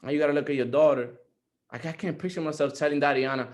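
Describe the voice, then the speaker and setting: A man's voice: fairly high pitch, fairly even intonation, fast, darkish tone. Earnest man giving a pep talk. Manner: earnest, repetitive, rising to emphatic. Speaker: motivational speaker on a group call. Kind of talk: motivational talk.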